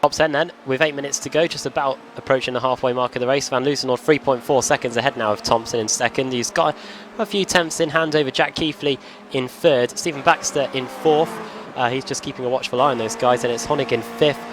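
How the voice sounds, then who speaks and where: A man calling play-by-play sim race commentary, running briskly through the positions. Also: mid-range voice, slight background noise. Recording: race car engines loud behind.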